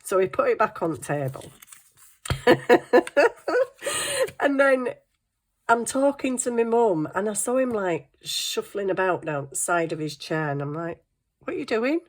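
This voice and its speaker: A woman's voice: medium pitch, expressive, normal speed. A middle-aged woman, telling stories in casual chat and laughing often. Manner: chatty storytelling, laughing often. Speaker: craft vlogger.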